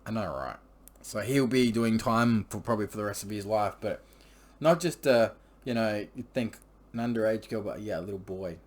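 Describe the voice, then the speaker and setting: Crude rambling man, lowish voice. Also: normal speed. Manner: crude, profane and rambling, with many fillers. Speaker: vlogger. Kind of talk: casual storytelling.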